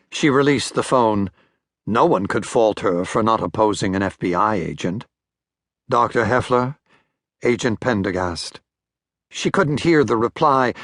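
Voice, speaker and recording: An older man narrating a thriller audiobook in a measured, wry manner, close to a studio mic. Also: medium pitch, no room sound. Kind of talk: scripted narration.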